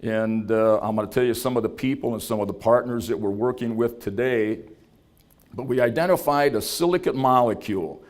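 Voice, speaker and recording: A man with a drawl tells a story to an audience at a business event. His voice sits at a middle pitch, and he talks in a relaxed, folksy way, acting out the people he quotes. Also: brisk. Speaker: startup founder giving a talk. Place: event venue.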